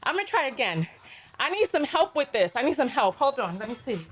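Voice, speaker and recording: A woman's voice: high voice, very animated, a little fast, husky. A woman hosting a casual livestream, exuberant and playful, chatting to her viewers while out of breath. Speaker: livestream host.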